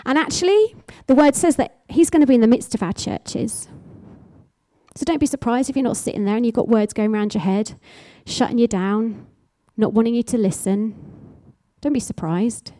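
Female preacher, sermon, warm and slightly high voice, passionate and emphatic with repeated phrases. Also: moderate pace, no echo.

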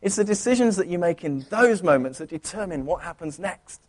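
Male pastor, higher-pitched voice, conversational and earnest sermon delivery. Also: animated, a little fast. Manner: conversational, earnest, with frequent restarts. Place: church.

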